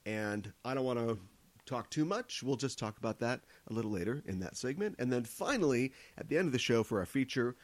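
Casual male podcast co-host, teasing and rambling, lively pitch, dry close sound. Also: brisk, no echo. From Minnesota.

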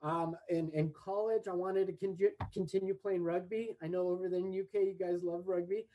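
A man's voice: high voice, steady tone, brisk, warm tone, muffled recording. An American man in his forties, a guest and English teacher, chatting casually in an upbeat, rambling way and laughing often. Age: 40s. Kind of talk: casual interview chat.

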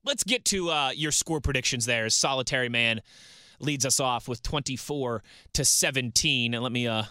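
A man's voice: mid-range voice, moderate pace, pushed and bright, no room sound, studio quality. A man hosting a solo sports talk radio show, chatting and reading out listener messages. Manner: chatty, reads listener tweets and banters.

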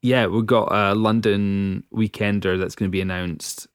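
A man's voice: steady tone, moderate pace, smooth, no room sound, clean studio sound. A man hosting a casual podcast, joking and laughing often. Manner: jokey, laughs often, wide swings in pitch. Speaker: podcast host.

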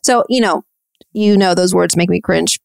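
A woman in her thirties hosting a podcast, telling a story in a chatty, self-deprecating way with a soft-spoken voice. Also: lowish voice, normal speed, vocal fry, no room sound. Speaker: podcast host. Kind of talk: casual storytelling recap.

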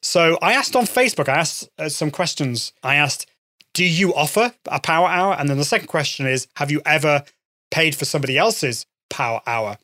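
A man's voice: a little high, expressive, fairly quick, bright, forceful tone, dry recording, studio quality. A man hosting his own podcast, chatting enthusiastically and often repeating himself as he talks to listeners. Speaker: podcast host. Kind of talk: solo podcast talk with sponsor read.

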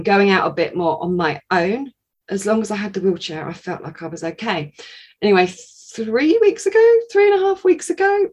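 Appearing as a guest on a podcast, a woman animatedly tells her personal testimony, pausing and laughing along the way. Her voice sits in the mid range.

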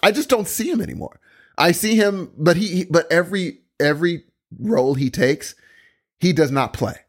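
Animated man in excitable casual chat. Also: fairly high pitch, moderate pace. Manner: excitable, exclaims often, restarts sentences. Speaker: co-host discussing a TV series.

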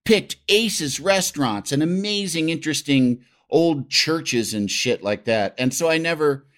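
A man's voice: fairly high pitch, unhurried. A middle-aged man, a talk show sidekick, telling rambling stories in casual chat, swearing freely. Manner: animated, rambling, swears freely, lots of fillers.

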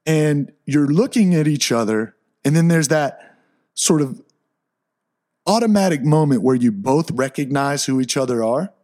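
A man telling a personal story in a casual, animated way, dropping into low asides and rising into excited bursts.

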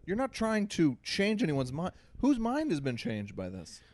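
A man's voice: a little high, wildly swooping pitch, normal speed, darkish tone, no echo. A man hosting a podcast, chatting casually and telling anecdotes in a conversational way. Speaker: podcast host. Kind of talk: casual chat.

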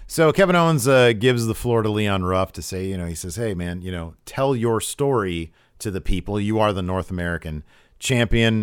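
A man talks through a wrestling recap in casual chat, full of "uh" and "um". His voice is smooth and clear. The sound is dry and close, with no room in it. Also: on the low side, expressive, normal speed, no room sound. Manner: retells events with many fillers, acts out quotes. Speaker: podcast co-host recapping wrestling.

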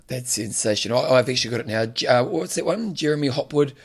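A man's voice: mid-range voice, gravelly, breathy edge. A man with a New Zealand accent co-hosting a casual podcast, joking and chatty. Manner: jokey, animated, quick asides. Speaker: podcast co-host.

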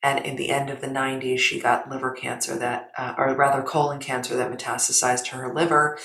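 A woman guest coach talking in an emphatic, expressive way that drops soft and breathy when she turns reflective. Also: very deep voice, brisk. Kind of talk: expressive conversational interview. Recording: roomy echo.

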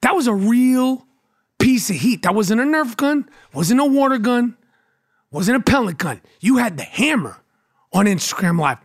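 A man's voice: very high voice, big pitch swings, normal speed. Brash, mocking New York man ranting. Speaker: podcast host. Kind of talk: solo podcast rant.

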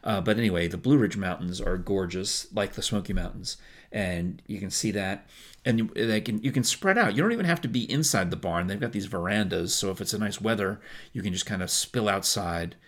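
A man's voice: fairly low pitch, fairly quick, a bit bright. A man co-hosting a podcast, chatting casually and wandering into side stories. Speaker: podcast co-host. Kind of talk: casual chat.

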